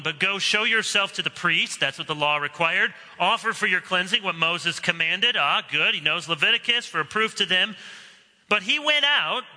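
A man preaching a sermon as a pastor, earnest and emphatic, with slow dramatic pauses. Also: sits high, sharp tone. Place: church sanctuary. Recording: long reverb of a large hall.

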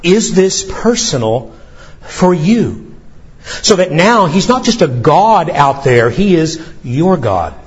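A man preaching a sermon as pastor, reading scripture with emphatic pauses and a lively delivery. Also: fairly high pitch, lo-fi sound.

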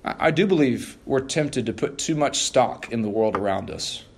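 A man preaches from the pulpit in an earnest, measured voice of ordinary middle pitch. He leans on key phrases and repeats them for weight. Now and then he trips over a word and starts again before pressing on. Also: expressive, vocal fry, husky. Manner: occasional stumbling restarts. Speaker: pastor. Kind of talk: sermon.

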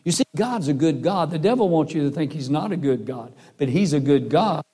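A man's voice: fairly high pitch, expressive, a little fast, mellow, slightly rough. A middle-aged man preaching a sermon in an earnest, folksy, emphatic way. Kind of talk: sermon with personal story.

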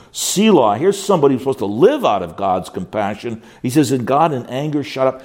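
Male pastor-teacher, mid-pitched, very expressive lecturer who stumbles and repeats words as he talks. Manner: animated, repeats words while searching for phrasing; reads scripture aloud slowly. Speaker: pastor teaching a counseling class. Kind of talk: classroom lecture.

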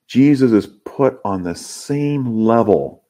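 A man's voice: medium pitch, expressive, slow, warm tone. A man preaching a sermon as pastor, earnest and emphatic, lifting his voice when he acts out the crowds. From Canada.

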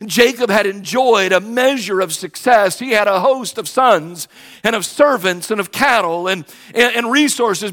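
Speaking unhurriedly in a high, fairly bright voice, a middle-aged man preaches a sermon built around a personal story. He tells it like a conversation, acting out each quoted exchange.

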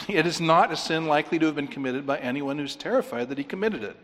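A man's voice: a little high, fast talker, fairly bright tone. Emphatic male preacher in a reverberant hall. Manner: emphatic, counting off points, with rhetorical questions. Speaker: pastor. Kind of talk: sermon.

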